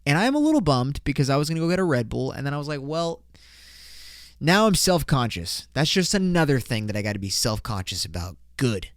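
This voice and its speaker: A young man hosting a casual solo podcast, loose, excitable and full of swearing. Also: mid-range voice, rapid-fire, few pauses, no echo, studio quality. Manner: loose, profane, excitable, laughs a lot. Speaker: podcast host.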